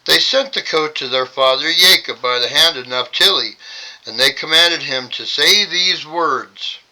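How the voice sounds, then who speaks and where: Man, Bible study host, scripture reading, wry sarcastic asides, very bright voice. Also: on the high side, unhurried, poor audio. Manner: wry, sarcastic side comments.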